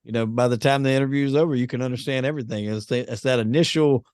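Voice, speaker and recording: A man's voice: mid-range voice, fairly even intonation, rapid-fire, darkish tone, clean tone, no room sound, clean studio sound. A man hosting an interview, chatting in an easygoing, conversational way. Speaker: interview host. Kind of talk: casual interview chat.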